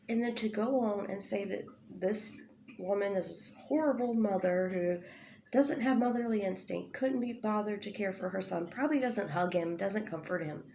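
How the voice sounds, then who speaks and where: Heated, gravelly-voiced woman ranting. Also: mid-range voice, darkish tone, a little hiss or hum. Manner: confrontational, heated rhetorical questions, swears often. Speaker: drama commentary youtuber. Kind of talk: angry commentary rant. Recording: echoey room.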